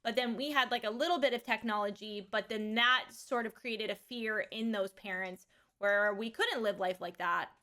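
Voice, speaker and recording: A woman's voice: medium pitch, moderate pace, sharp tone. A woman in her thirties chatting casually on a livestream, rambling frankly about raising her son and swearing freely. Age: 30s. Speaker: streamer and mother.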